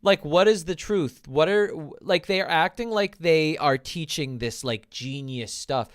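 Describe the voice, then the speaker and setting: A man's voice: fairly high pitch, measured pace. A man hosting a podcast as a relationship coach, ranting with heavy swearing and mocking impressions in casual chat.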